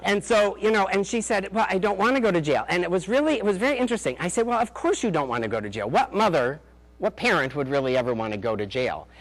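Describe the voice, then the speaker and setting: A slightly high-voiced male therapist addresses a room of parents in a loose, conversational lecture. He tells case stories with dry sarcasm and leans on "like" and "um" as he goes. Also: big pitch swings, fast talker. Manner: chatty storytelling, frequent "like" and "um" fillers. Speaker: family therapist giving a parenting talk. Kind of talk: lecture with anecdotes.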